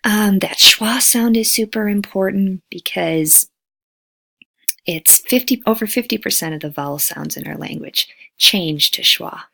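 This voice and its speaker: A woman, an English as a second language teacher, giving a recorded lecture and slowly modeling vowel sounds. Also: medium pitch, gravelly, bright, forceful tone, no echo.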